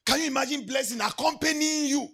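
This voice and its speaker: Gravelly high-voiced Nigerian preacher. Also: male voice, quick pace. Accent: Nigerian English. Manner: preaching, swings from quiet asides to shouted sing-song declarations. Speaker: pastor. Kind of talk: sermon.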